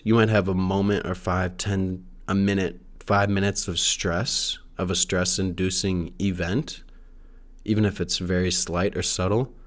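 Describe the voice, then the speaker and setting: A young man talking alone in a casual, rambling monologue, full of restarts and fillers and the odd swear word. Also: deep voice. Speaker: solo podcaster. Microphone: no camera, audio only.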